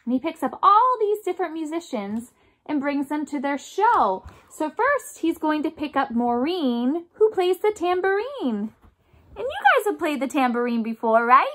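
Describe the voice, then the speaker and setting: Woman music therapist for small kids: high, unhurried, sing-song delivery. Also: very animated, fairly bright tone. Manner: sing-song, coaxing teacher talk with call-and-response; imitates instrument sounds with her voice. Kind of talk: remote music lesson for young children.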